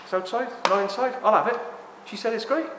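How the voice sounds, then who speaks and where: A man in his sixties talking to a live audience in a rambling, animated way, often apologizing for ranting. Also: extremely high pitch, fast talker, noisy background. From England. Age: 60s. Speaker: speaker at a talk. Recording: echoey hall with long reverb.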